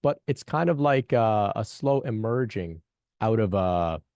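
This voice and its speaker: Man host, low mellow voice, dry close sound, halting reflective talk for a spiritual group call, repeats himself. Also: expressive, dry recording. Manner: halting, repeats phrases, asks "right?".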